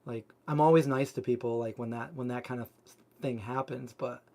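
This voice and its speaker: A man's voice: mid-range voice, steady tone, normal speed, dark tone. A man hosting a cooking channel, chatting casually on a live stream and answering viewer comments in a rambling way, full of filler words. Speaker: vegan cooking channel host.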